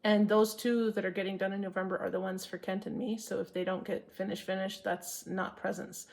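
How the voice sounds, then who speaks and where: A woman's voice: mid-range voice, flat delivery, fairly quick, creaky, darkish tone. A woman from Maine, a cross-stitch vlogger and teacher, chatting earnestly to camera and rambling with self-corrections. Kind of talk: casual chat to camera.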